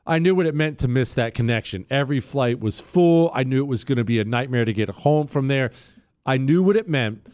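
A man telling a travel story on air, animated and sarcastic, swinging between loud and quiet. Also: mid-range voice, a little fast, clear, resonant tone. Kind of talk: storytelling monologue.

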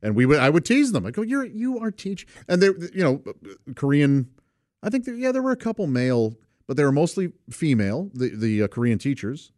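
A man's voice: mid-range voice, very animated, a little fast, darkish tone, no echo, studio quality. A man casually telling a personal anecdote, rambling and correcting himself, and chuckling often as he goes. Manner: rambling, self-correcting delivery.

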